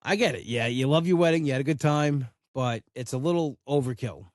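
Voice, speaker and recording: A man's voice: medium pitch, a little fast, no room sound. Blunt, swearing man ranting solo. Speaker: podcast host. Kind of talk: casual solo rant.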